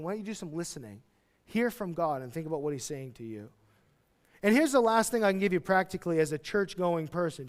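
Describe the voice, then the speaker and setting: A man preaching a sermon as pastor, chatty and jokey, with sudden loud, excited outbursts. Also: sits high.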